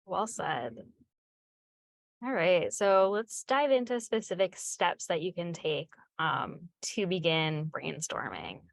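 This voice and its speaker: A woman moderating a webinar over a video call, briskly affirming the panelists and moving on to the next topic. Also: on the low side, big pitch swings, gravelly, no room sound.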